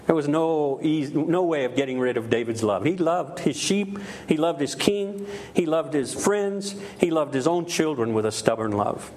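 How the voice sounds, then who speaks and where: A middle-aged man preaching a sermon in a slightly higher-than-usual voice. He stresses his words, repeats key phrases, and acts out quoted voices. A faint hiss of noise sits behind him. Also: animated, moderate pace, hardly any pauses, a little mellow. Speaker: pastor.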